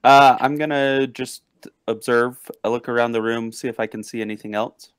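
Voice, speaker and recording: A man's voice: medium pitch, fairly even intonation, moderate pace, clear, resonant tone, no room sound. A man playing a tabletop game, speaking hesitantly and stammering as he describes his actions. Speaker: player.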